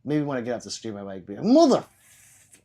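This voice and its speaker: A man's voice: on the low side, racing, dark tone. A man hosting a casual livestream, rambling loosely and swearing now and then. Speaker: livestream host.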